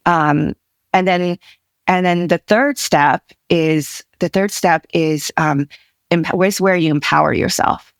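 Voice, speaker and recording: Animated woman coaching, lower voice. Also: moderate pace, dry recording, clean studio sound. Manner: animated, laughs easily, many fillers. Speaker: marriage coach, podcast guest. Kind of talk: casual conversational coaching.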